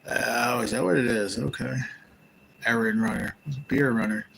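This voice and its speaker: A man's voice: medium pitch, measured pace, creaky, a bit bright, poor audio. A man hosting a casual live stream from a rehab facility room, rambling as he retells conversations.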